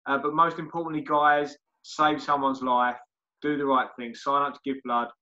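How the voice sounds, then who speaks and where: A man's voice: mid-range voice, level tone, moderate pace, sharp tone. A man hosting a podcast, chatting casually and filling gaps with ums and uhs. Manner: chatty, friendly sign-off with fillers. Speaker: podcast host. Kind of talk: casual interview chat. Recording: dull lo-fi podcast audio.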